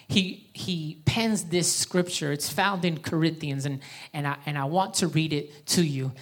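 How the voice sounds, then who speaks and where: A woman preaches to her congregation in a slightly low voice, pressing her points with emphasis and drawing the room into reading along with her. Her delivery is that of a pastor at a church service. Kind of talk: sermon.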